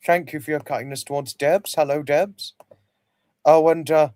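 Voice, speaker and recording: A man's voice: a little high, steady tone, moderate pace, a little mellow, no room sound. Rambling male livestream host, dry sound. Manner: rambling, repeats himself, greets viewers by name. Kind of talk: casual chat with viewers.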